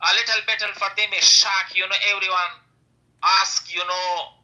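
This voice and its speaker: Man, high-pitched, non-native English, broken grammar, many fillers, protesting, audio-app call. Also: fairly even intonation, normal speed, pushed and bright, poor audio. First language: not English. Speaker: caller on an audio-app stage. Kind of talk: heated live audio-room argument.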